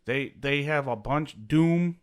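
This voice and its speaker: A man's voice: fairly high pitch, slow pace, clear, resonant tone. A man co-hosting a gaming podcast in casual chat, playfully riffing on jokes. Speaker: podcast co-host.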